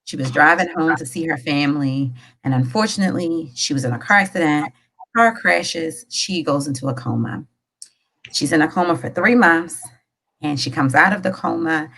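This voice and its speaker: A woman co-hosting an educational podcast, chatting casually and telling a long joke with animated storytelling. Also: deep voice, moderate pace, low-quality recording. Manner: animated storyteller, voices quoted characters. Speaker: co-host.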